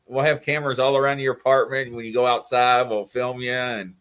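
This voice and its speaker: A man with a New York accent, co-hosting a casual livestream chat and telling animated stories. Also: mid-range voice, a little fast, clean tone. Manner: animated storytelling, mimics voices in quotes. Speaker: livestream co-host.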